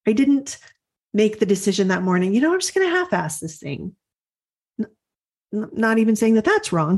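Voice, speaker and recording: A middle-aged woman hosting a podcast, telling an earnest personal story in a reflective, confessional way and slowing down to stress her points. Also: mid-range voice, gravelly, a little mellow. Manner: earnest, confessional, slows for emphasis. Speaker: podcast host and coach.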